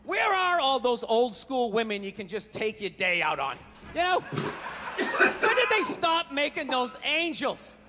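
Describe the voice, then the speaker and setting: A man's voice: very high voice, pushed and bright, big-room sound, a little hiss or hum. A man doing a stand-up routine on a comedy stage, with a profane, ranting delivery into a handheld mic.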